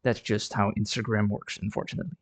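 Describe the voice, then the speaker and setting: A man's voice: fairly low pitch, little pitch movement, quick pace, vocal fry, no room sound. A chatty man from the Netherlands, talking casually on a live stream from his art studio and often repeating words as he thinks. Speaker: ceramic artist streaming live. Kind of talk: casual livestream chat.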